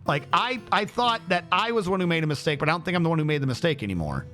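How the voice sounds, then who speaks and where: A man's voice: on the high side, lively intonation, very fast, a bit bright, soft background music. A man streaming a game, thinking aloud on a headset as he troubleshoots. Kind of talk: casual gameplay commentary.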